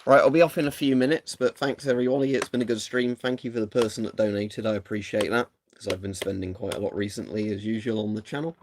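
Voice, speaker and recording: Gravelly low-voiced man. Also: fairly even intonation, quick pace, few pauses, darkish tone, a little hiss or hum. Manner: chatty, thinking aloud while testing equipment. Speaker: streamer. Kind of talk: casual live-stream commentary.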